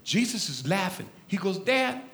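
A man preaching a sermon, telling a story dramatically, swinging from loud to hushed. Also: high voice, very animated, measured pace, roomy sound. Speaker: pastor.

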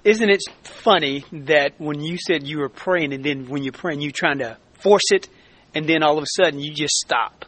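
A man in the audience asks a question, pausing often as he searches for his words. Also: on the high side, a bit bright, slightly rough. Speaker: audience member asking a question.

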